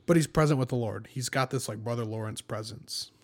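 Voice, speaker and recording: A young man co-hosting a casual faith discussion, telling stories in an animated, self-deprecating way and laughing often. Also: mid-range voice, fairly quick.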